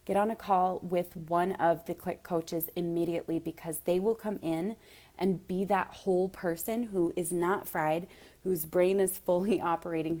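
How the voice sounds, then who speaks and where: Woman coach, low-ish voice, earnest and direct, emotional motivational talk. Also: a little mellow. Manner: emotional, near tears at times. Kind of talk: motivational monologue.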